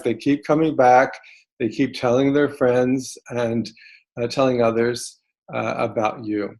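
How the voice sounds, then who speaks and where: A man's voice: medium pitch, steady tone, unhurried, darkish tone. Man giving a hesitant talk. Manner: hesitant, frequent ums and restarts. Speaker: realtor. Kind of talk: presentation talk.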